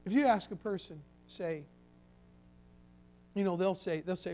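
Man, pastor, high voice, folksy sermon, acted-out quotes, restarts. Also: fairly even intonation, normal speed, long pauses, a little mellow, faint music behind.

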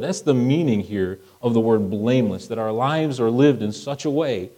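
A man's voice: medium pitch, moderate pace, few pauses, warm tone, low-quality recording. A middle-aged man preaching a sermon in a conversational way, acting out dialogue as he goes.

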